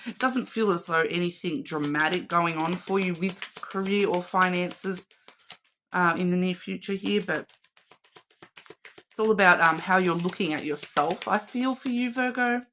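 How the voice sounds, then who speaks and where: Aussie lady doing a card reading, chatty and rambly, lots of um and you know, bright voice. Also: lowish voice, moderate pace, slight background noise. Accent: Australian. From Australia. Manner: rambling, many fillers and restarts. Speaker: card reader. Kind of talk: casual tarot-style card reading.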